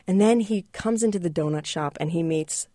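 A relaxed speaker retelling a novel and then reading from it, with plenty of hesitations along the way. The voice has a middling pitch. It is recorded close and dry, with no room sound. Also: moderate pace, dry recording. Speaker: guest discussing a book. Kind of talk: casual book summary and reading.

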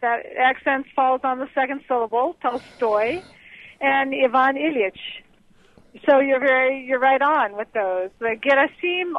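A woman's voice: high-pitched, no echo. A woman calling into a radio show over the phone, polite and helpful. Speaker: caller. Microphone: telephone. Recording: muffled phone line.

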